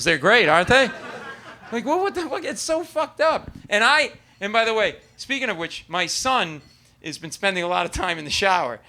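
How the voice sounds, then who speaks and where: Bright, high-voiced profane comedian. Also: male voice. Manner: rambling, profane, acts out both sides of conversations. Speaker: stand-up comedian. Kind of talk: stand-up comedy set. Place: comedy club stage. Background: audience laughter.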